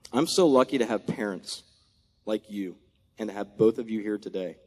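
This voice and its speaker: With a fairly low, mellow voice and a measured pace, a Maryland man in his forties bids a heartfelt farewell as outgoing military commander, thanking each person individually as he holds back tears. The ceremony is in a large aircraft hangar, and its long echo is audible.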